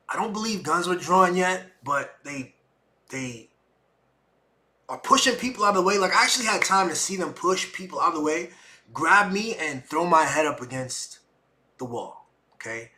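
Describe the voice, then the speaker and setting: A middle-aged man, hosting a podcast and telling a personal story with emotion, acting out what people said. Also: a little high. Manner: emotional, animated retelling with acted-out quotes. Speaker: podcast host.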